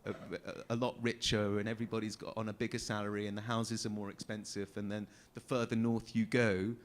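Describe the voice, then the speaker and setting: Animated English man telling convention stories. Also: lowish voice, fairly quick. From England. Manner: animated, laughing, mimics voices in anecdotes. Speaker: actor guest at a fan convention panel. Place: convention hall.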